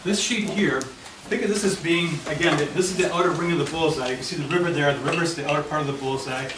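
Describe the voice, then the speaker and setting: In a meeting room, a man with a highish voice talks quickly as he presents to a committee, guiding everyone through a handout map of his neighborhood. The room echoes, the mic sits far away, and the recording is noisy.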